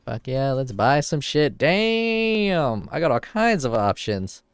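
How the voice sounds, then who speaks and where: A man casually commenting on his gameplay as a streamer. He swears freely, gets excited, and reads item text aloud. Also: mid-range voice, slow, clean tone, no room sound, studio quality, faint music behind. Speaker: game streamer.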